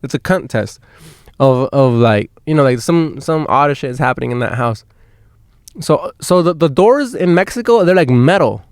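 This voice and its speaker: Male podcast host, mid-pitched, casual and profane, recorded dry in a van. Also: lively intonation, normal speed, no room sound. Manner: rambling, swears a lot, many restarts. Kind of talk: casual storytelling. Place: inside a van.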